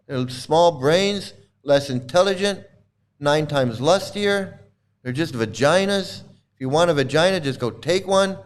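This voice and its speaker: Male livestream host, slightly high and clear-toned, with indignant, repetitive ranting. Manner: indignant, heated, repeats himself. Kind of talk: ranting commentary to a live chat.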